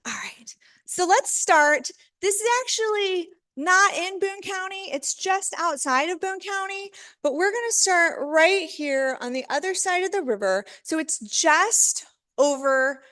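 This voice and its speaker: A woman's voice: very high-pitched, unhurried, pushed and bright. A woman in her thirties from Missouri, giving a casual, upbeat talk to an audience and laughing often.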